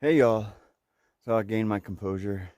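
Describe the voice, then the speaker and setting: A young man vlogging outdoors on a mountain trail, talking haltingly with many fillers and restarts and getting emotional. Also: fairly low pitch, darkish tone, no echo, clean studio sound. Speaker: thru-hiker vlogger. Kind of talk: casual vlog talk to camera.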